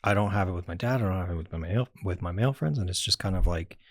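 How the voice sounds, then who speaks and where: A man co-hosts a podcast interview. He has a fairly low voice and talks in a hesitant, reflective way. The sound is dry and close. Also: racing, breathy edge, no room sound. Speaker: podcast co-host. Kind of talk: conversational interview.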